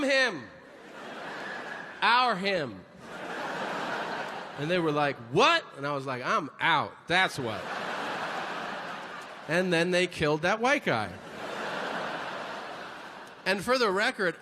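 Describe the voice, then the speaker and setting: A man doing a stand-up comedy routine, telling stories with loud voiced asides before a live audience. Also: high voice. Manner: animated storytelling with shouted voiced asides. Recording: reverberant hall, audience noise.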